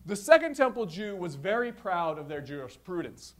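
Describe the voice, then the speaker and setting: Male pastor, high-pitched voice, lively storytelling sermon delivery. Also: normal speed. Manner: storytelling, animated retelling with voiced asides.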